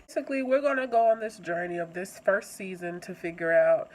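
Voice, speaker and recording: A young adult woman hosting her own channel, casually reviewing a TV episode and talking straight to her viewers in an animated, chatty way. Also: on the low side, brisk, slight background noise, low-quality recording.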